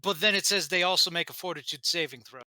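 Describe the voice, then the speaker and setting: A woman playing a tabletop game questions the rules in a puzzled way. Her voice is low but bright and forceful, recorded dry and close. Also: quick pace, no echo. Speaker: player.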